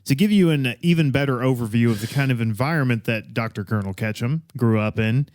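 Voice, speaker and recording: Quick-joking male podcast co-host. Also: mid-range voice, darkish tone, dry recording, clean studio sound. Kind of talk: casual chat, then reading true-crime notes.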